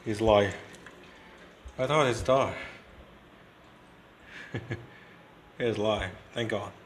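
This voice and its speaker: A man talking to his pets in a casual vlog, coaxing and scolding them and exclaiming, with slow speech. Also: lowish voice, a little hiss or hum. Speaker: pet vlogger. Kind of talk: casual pet vlog talk. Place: at home and in the yard.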